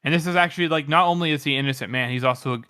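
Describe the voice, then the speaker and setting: Podcast dude rambling about a book, bright tense tone, swears a lot. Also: male voice, a little high, very fast, smooth. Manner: rambling, swears, animated opinions. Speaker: podcast co-host. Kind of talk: casual book discussion.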